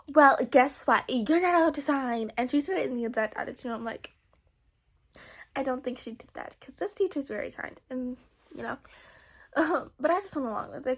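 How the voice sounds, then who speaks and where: A teenage girl telling a rambling, giggly story to her viewers, full of fillers and restarts. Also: high-pitched. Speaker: vlogger. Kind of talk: casual storytelling to camera.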